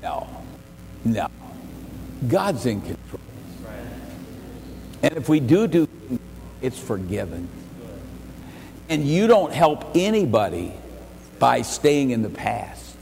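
A male pastor preaching a sermon in a church, emphatic, rising to raised exhortation and dropping to quiet earnest asides, often repeating words as he restarts. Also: mid-range voice, gravelly. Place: church sanctuary. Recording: long church reverb, faint ambient noise.

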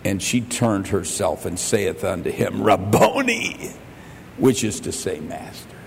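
A man preaching an earnest evening sermon, his voice rising into half-sung exhortation at the high points. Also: sing-song, a little slow, vocal fry. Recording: echoey hall with faint rumble.

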